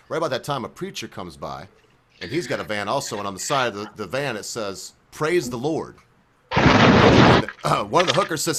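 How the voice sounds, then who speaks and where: A man hosting a casual online chat, telling crude jokes and laughing loudly. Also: mid-range voice, fast, slight background noise. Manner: loud laughing, lively storytelling. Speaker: host.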